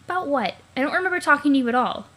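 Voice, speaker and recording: Lady doing a cranky sleepy teen girl, blunt and high-pitched. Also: expressive, very fast, fairly bright tone. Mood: shaken. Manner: irritable, blunt, weary. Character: grumpy, tired teenage human girl.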